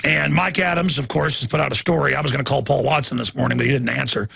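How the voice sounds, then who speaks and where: A man's voice: mid-range voice, fairly even intonation, fast, creaky, pushed and bright, husky. A man hosting a talk show, ranting emphatically and jumping from one story to the next. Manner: ranting, emphatic, jumps between stories. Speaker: radio talk show host. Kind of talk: heated monologue.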